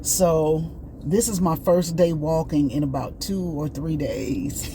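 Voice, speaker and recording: A woman hosting a casual vlog, chatting and telling stories in an animated way while out on a morning walk. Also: low voice, slow pace, background noise. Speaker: vlog host. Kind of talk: casual chat.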